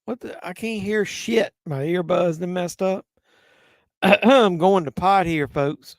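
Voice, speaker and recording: A man's voice: high-pitched, takes it slowly, no echo, clean studio sound. A man hosting a live stream, tipsy from drinking, chatting casually and profanely with viewers while watching a movie. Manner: rambling, profane, answers chat messages.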